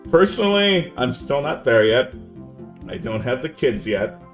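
A young man chatting casually on a live gaming stream, laid-back and saying "man" a lot, yelling now and then at the game. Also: medium pitch, very animated, measured pace, faint music behind.

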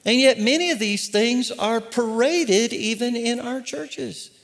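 A man's voice: very high voice, measured pace, creaky, a bit bright. An older male pastor preaching a sermon with impassioned, emphatic delivery and humorous asides. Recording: long reverb of a large hall.

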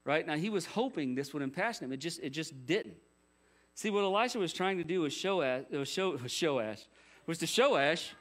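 A man's voice: fairly high pitch, lively intonation, moderate pace, fairly bright tone. A man preaching a sermon as pastor, conversational, with rhetorical questions and jokey asides.

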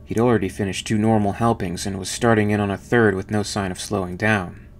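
Deep-voiced man narrating a novel. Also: flat delivery, brisk, faint music behind.

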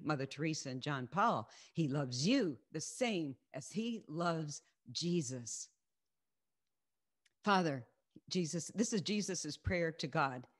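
A woman leading a Christian teaching on a video call, sharing her testimony earnestly and repeating key phrases for emphasis. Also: on the low side. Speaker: faith group teacher.

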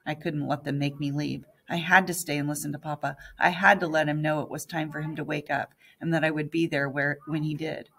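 A woman's voice: deep voice, level tone, a little fast, vocal fry, hardly any pauses, fairly bright tone, breathy edge. A woman narrating an audiobook in the first person as a young girl.

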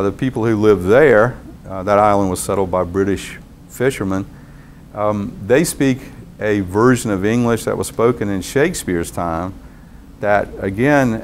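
A man, a university professor, giving a lecture in a measured, thoughtful way with frequent pauses. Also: fairly low pitch, slight background noise.

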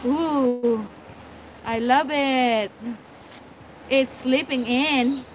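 High-pitched woman gushing over animals on a phone livestream, slow talker, noisy outdoor phone audio. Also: fairly even intonation. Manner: gushing, effusive, exclamatory. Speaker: wildlife vlogger. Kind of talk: excited live-stream chat. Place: outdoors at a wildlife sanctuary.

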